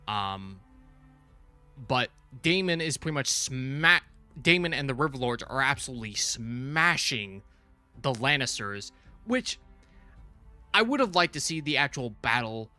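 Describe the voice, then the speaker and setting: Bright-voiced man rambling on a livestream. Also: medium pitch, a little slow, long pauses, faint music behind. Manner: rambling and excitable, self-correcting with fillers. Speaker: channel host reviewing a TV show. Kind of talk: casual livestream commentary.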